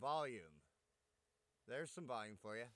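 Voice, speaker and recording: A man with a mid-range, fairly bright voice hosts a casual live stream, speaking a little slowly. He's brash, swears freely, and greets his chat by name, then grows irritated and mutters while griping about tech trouble as he fixes the stream.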